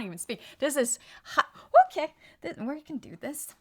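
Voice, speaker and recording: A woman's voice: high voice, moderate pace. A young woman giving a casual tarot reading, rambling and interrupting herself with bursts of frustration. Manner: rambling, self-interrupting, animated. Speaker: tarot reader.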